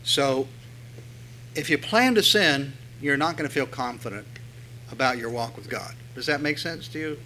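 A man preaching a sermon in a conversational way, asking rhetorical questions and swelling louder when he reads scripture. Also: mid-range voice, normal speed, a little hiss or hum, rough recording. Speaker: pastor.

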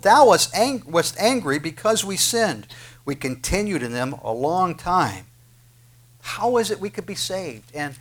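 A man's voice: a little high, a bit bright. A man preaching a sermon, earnest and questioning, with frequent filler sounds as he reads and explains scripture. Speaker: pastor.

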